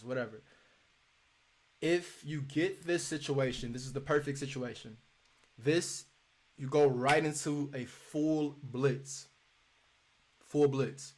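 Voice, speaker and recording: Casual man coaching cold calls. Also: medium pitch. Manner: casual, repetitive, acts out sample phone calls. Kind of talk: live teaching session.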